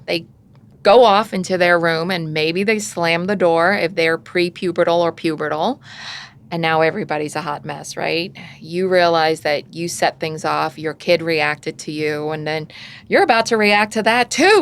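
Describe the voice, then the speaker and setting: A woman's voice: fairly low pitch, unhurried, smooth. A middle-aged woman giving casual parenting advice in conversation, sometimes acting out parent and child voices. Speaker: parenting podcast guest expert.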